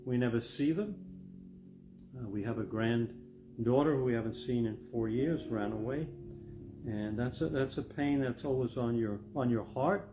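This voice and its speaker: A man's voice: mid-range voice, moderate pace, mellow. An older man, a pastor, preaching a sermon in an earnest, reflective way that builds to emphatic stress. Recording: music playing behind the voice. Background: guitar music.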